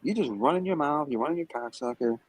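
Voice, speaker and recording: Man, livestream guest, profane, confrontational, lively swinging pitch, husky, dry. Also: fast talker, low-quality recording. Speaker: stream guest. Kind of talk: heated livestream rant. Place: Las Vegas.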